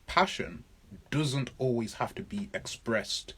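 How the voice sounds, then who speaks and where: A man's voice: fairly low pitch, lively intonation, measured pace, fairly bright tone, husky. A man coaching public speaking in a live question-and-answer lesson, talking emphatically, repeating his points and answering viewers' comments.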